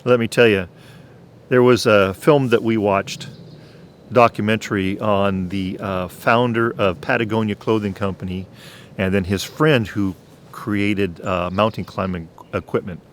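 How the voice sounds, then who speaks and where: Slow-talking earnest Christian man. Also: on the low side, fairly even intonation, slight background noise. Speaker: channel host. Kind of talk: faith testimony talk.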